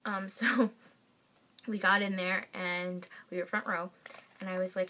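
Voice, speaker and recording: An excitable young woman tells a story casually to her camera at home. Her voice sits at an ordinary middle pitch and gushes with excitement, full of fillers. A faint hiss runs under it. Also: moderate pace. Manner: excitable, gushing, many fillers. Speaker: vlogger.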